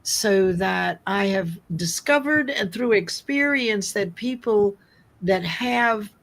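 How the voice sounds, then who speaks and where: Slow, rambling woman host. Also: mid-range voice, animated, gravelly. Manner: rambling, restarts sentences, slow and earnest. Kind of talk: live online show chat.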